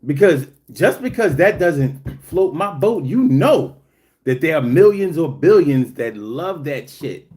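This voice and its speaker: A man talks casually to his stream chat, his voice leaping high and low as he tells stories. He jokes freely and swears often. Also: takes it slowly. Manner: animated, swings high when telling stories; profane and joking. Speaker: livestream host reading chat.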